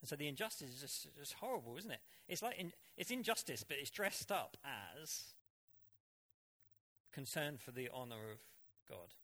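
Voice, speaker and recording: A man preaching a sermon, reading scripture and explaining it in an animated, chatty way. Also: a little high, fairly quick, hardly any pauses. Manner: animated, conversational Bible exposition.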